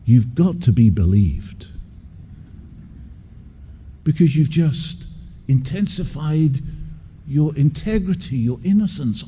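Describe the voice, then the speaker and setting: A male preacher delivers a sermon slowly and emphatically, stressing words through repetition. His mellow voice rises and falls in a lively way. A long reverb hangs on each phrase. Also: fairly high pitch, husky. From England. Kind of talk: expository sermon with personal story.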